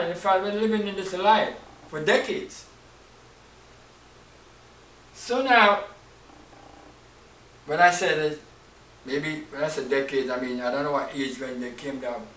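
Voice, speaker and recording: A male preacher telling a Bible story in an expressive sermon, acting out the characters' emotions. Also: a little high, normal speed. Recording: roomy, distant mic, faint hiss.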